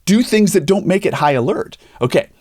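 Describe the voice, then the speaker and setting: A man's voice: sits high, fairly quick, no room sound, clean studio sound. A middle-aged man, a pastor hosting a podcast, telling personal stories in candid conversation and acting out the people he quotes. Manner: animated storytelling, acts out quoted voices.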